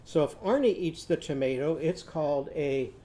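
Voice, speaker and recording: A man teaching a children's literacy lesson, modeling speech sounds slowly and leading the class to repeat them. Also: a little high, expressive, warm tone.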